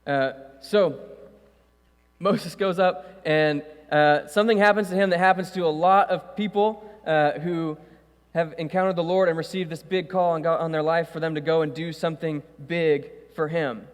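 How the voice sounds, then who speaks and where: A man's voice: on the high side, steady tone, normal speed. A male pastor preaching a sermon in a church, reading scripture and then explaining it casually with fillers. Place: church sanctuary. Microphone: stage microphone with echo. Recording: hall reverb in church.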